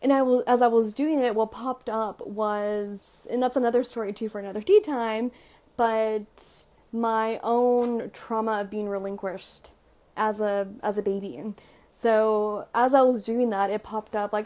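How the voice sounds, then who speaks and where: Young woman vlogger, casual self-help chat, a bit high-pitched, loose and talky. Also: steady tone, unhurried, dark tone. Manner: chatty, fills with "like" and "right?".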